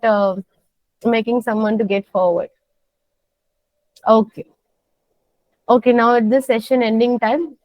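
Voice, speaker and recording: A woman teaching a soft skills class, coaxing her students and repeating simple phrases. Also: on the high side, no echo, poor audio.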